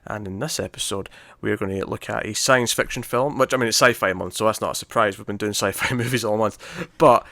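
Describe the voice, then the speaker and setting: A man co-hosting a casual movie discussion, chatty and quick to laugh, often correcting himself. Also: lowish voice, fairly bright tone, dry recording. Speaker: podcast co-host.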